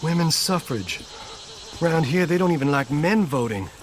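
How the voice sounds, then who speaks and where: A man's voice: a little high, animated, moderate pace, a little hiss or hum, lightly acted. An actor playing an earnest, fretful young man in love who pleads for help in a video game cutscene. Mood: anxious.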